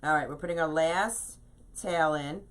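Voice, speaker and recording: Speaking at normal speed in a deep voice, a woman leads a live craft tutorial on wreath making. Seated at her home craft table, she chats, reads viewer comments, and pokes fun at herself with laughter.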